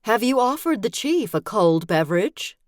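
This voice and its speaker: A gushing, flirtatious mother with a bossy streak, her voice pitched well up and sing-song, as a woman narrator puts her on. It is a close, dry audiobook read with no room sound. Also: big pitch swings, moderate pace, dry recording. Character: flirtatious, pushy middle-aged mother.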